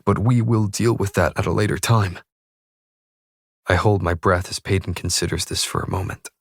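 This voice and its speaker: A man reading first-person audiobook narration in a steady, measured way. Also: low-pitched, gravelly, slightly rough, no room sound, studio quality.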